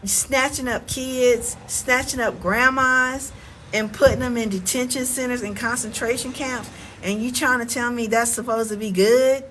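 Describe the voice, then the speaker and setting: A middle-aged woman with a Southern US accent, a vlogger and relocation coach, chats casually with viewers on a phone livestream. Her voice is a little high and fairly bright, with even intonation and a slightly slow pace, over poor audio with some hiss or hum. She's emphatic, repeats words, and often asks "okay?"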